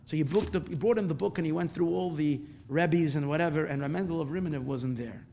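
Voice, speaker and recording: A religious teacher telling a tale as a lesson, with animated, repetitive phrasing that swells louder at dramatic moments, then closing with a blessing. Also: male voice, fairly high pitch, fast, creaky, slight background noise. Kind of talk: storytelling lesson ending in a blessing.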